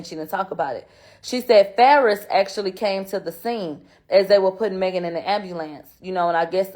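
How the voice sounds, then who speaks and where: A woman's voice: mid-range voice, a little mellow. A woman hosting a show, recapping courtroom testimony in blunt, profane, sarcastic casual commentary. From Houston, Texas. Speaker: host recapping a court trial.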